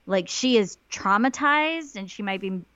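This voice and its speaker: A woman's voice: medium pitch, expressive, normal speed, a bit bright, dry recording, lo-fi sound. Chatty woman recapping a show. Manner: chatty, many "like" fillers, quotes lines in little voices. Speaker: podcast co-host. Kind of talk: casual TV recap chat.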